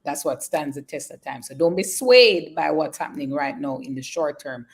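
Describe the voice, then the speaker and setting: Female analyst, low-pitched with vocal fry, insistent advice to viewers. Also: moderate pace. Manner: insistent, repeats her key point. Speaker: market analyst. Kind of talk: advising viewers on a live show.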